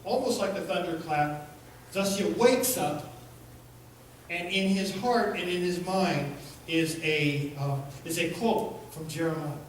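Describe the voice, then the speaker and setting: A man preaching, telling a story in an unhurried, halting way, recorded in a church. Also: on the high side, a little hiss or hum. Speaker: pastor. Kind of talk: sermon storytelling. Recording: echoey church from far off.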